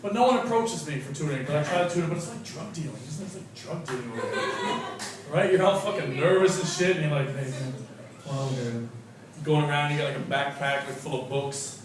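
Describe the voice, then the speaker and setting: Profane stand-up comic in an echoey club. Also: male voice, a little high, quick pace. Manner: swinging between loud outbursts and muttered asides, profane. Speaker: stand-up comedian, English teacher. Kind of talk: stand-up comedy set. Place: comedy club stage before a laughing audience. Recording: echoey club, mic from far off, crowd noise. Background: laughing audience.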